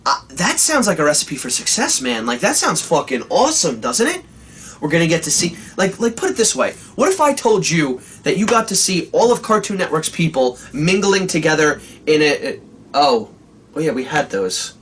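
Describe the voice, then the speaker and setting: A man's voice: a little high, sing-song, moderate pace, fairly bright tone, a little hiss or hum. A man reviewing an old cartoon in a sarcastic, exasperated rant full of swearing. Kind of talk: ranting comedic review.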